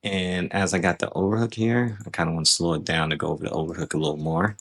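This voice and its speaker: A man's voice: deep voice, little pitch movement, fast talker. A man casually breaking down footage of his own grappling match, loose and self-critical, often checking in with "right?".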